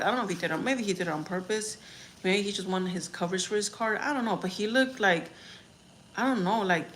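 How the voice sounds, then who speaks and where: A young woman talking casually on a livestream, reading comments and telling a story in a frank, rambling way with swearing. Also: medium pitch. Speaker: vlogger on a livestream. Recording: faint background noise.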